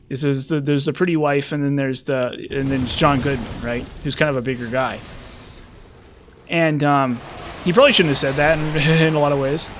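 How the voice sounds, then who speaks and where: A man's voice: fairly high pitch, slight background noise. A man from the western United States in a rambling casual chat, full of fillers and restarts. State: frazzled. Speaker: streamer.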